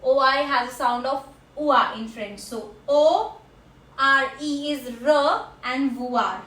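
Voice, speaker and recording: A woman teaching a French class, slowly repeating each word for her learners. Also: high voice, bright, forceful tone. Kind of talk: classroom language lesson. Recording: echoey room.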